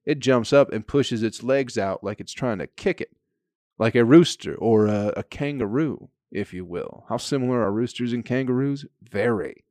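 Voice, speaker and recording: A man's voice: medium pitch, moderate pace, a little mellow, no echo, studio quality. Rambling, profane male comedian. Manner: profane, rambling storytelling with frequent fillers. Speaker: comedian podcast host. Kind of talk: casual comedic monologue.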